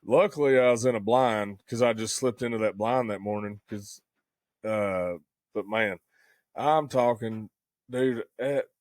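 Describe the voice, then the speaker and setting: A man's voice: fairly low pitch, measured pace, no room sound. A man, co-hosting a podcast and telling a hunting story in a folksy, casual way. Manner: folksy storyteller, says "buddy" and "dude" a lot. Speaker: podcast co-host.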